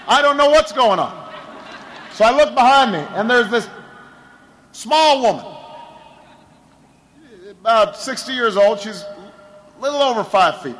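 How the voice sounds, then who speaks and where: A man's voice: extremely high pitch, sharp tone, a little hiss or hum, rough recording. A man, a political candidate, giving a campaign rally speech, telling a story with lots of repetition and a rhetorical build, with stammered restarts.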